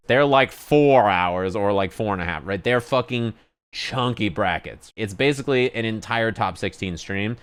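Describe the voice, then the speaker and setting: A man telling a story casually on a stream, animated and profane, with lots of asides. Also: mid-range voice, clean tone. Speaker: streamer and commentator.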